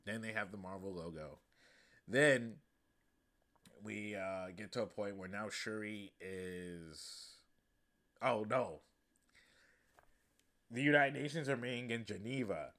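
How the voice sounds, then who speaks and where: A man hosting a podcast, giving a casual, comedic movie recap in a profane, slangy, animated way. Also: on the low side, slow, pauses often. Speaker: podcast host.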